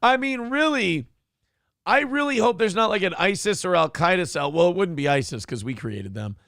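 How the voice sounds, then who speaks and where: A man's voice: sits high, expressive, normal speed, gravelly, a bit bright, dry recording, studio quality. A man hosting a morning talk show, ranting in a casual, profane, exasperated way.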